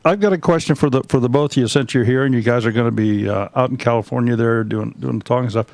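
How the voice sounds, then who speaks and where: A man hosts a live call-in show, speaking in a casual, friendly way. His voice is mid-pitched and sounds dry and close to the mic, with no room sound. He often stumbles and repeats words as he starts a sentence. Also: fast, creaky, a little mellow, dry recording.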